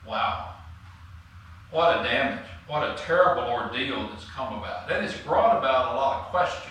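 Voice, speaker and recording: A man's voice: mid-range voice, expressive, moderate pace, a bit bright. A man preaching a sermon as pastor, earnest and rising to emphatic on key points. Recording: roomy echo, mic at a distance.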